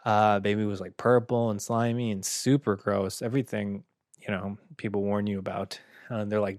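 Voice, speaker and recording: Deadpan joking man, lowish dry voice. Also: normal speed, no room sound. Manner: deadpan, self-mocking jokes. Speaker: podcast host. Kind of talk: comedic storytelling monologue.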